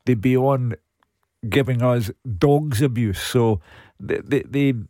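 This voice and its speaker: A man's voice: medium pitch, slow pace, mellow, no room sound. Blunt Scottish male pundit, firm views, dry studio mic. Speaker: football pundit. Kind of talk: sports radio punditry.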